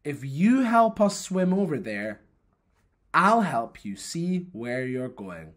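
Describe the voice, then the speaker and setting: A reader voicing a bossy male talking head from a folktale, in a raised, excited voice. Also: medium pitch, slow pace.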